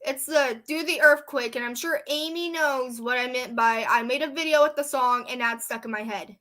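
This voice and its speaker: A woman's voice: high voice, normal speed, pushed and bright. A woman reading a fan story aloud with playful, giggly chatty asides. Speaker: let's-play creator.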